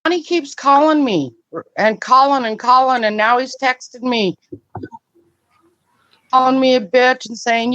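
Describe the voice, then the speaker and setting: A woman's voice: high voice, a little slow, pauses often, fairly bright tone, dry recording. Upset woman on a dry lo-fi call. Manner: upset, blunt, swearing, then apologetic. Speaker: caller on a livestream. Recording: dry, dull lo-fi call audio.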